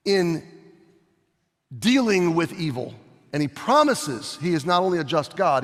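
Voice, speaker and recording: A middle-aged male pastor preaching a sermon, animated, swinging between loud and soft as he acts out scenes. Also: a little high. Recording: long hall reverb.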